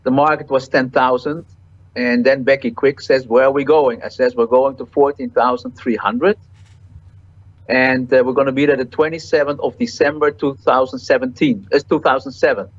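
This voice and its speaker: A man being interviewed as a market cycle analyst, answering in halting sentences with repeated words and many fillers. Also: mid-range voice, fairly even intonation, lo-fi sound.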